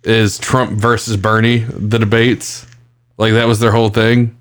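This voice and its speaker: A man's voice: on the low side, clean tone. A man co-hosting a podcast, chatting casually and profanely about politics. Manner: profane, animated, quick to laugh. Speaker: podcast co-host.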